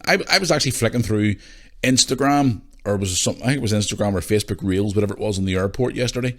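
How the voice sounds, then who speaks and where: Blunt, sweary male podcast host. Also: medium pitch. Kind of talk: casual opinion rant.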